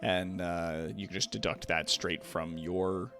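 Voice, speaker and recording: A man's voice: sits low, fairly even intonation, unhurried, music in the background. A man narrating a tabletop game as game master, casual with many fillers.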